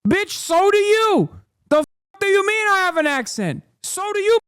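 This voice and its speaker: A man putting on the voice of a belligerent male immigration agent, shouting mock accusations and arrests. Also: very high voice, very animated, normal speed, dry recording, clean studio sound, pitched above the performer's own voice, full character voice. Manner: mocking, shouty.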